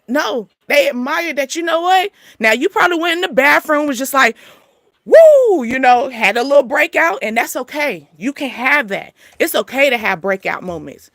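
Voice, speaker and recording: High-voiced, animated woman reading tarot. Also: dry recording. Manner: animated, streetwise, with frequent check-ins like "you feel me" and "okay"; swears casually. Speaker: spiritual tarot reader. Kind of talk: casual motivational tarot reading.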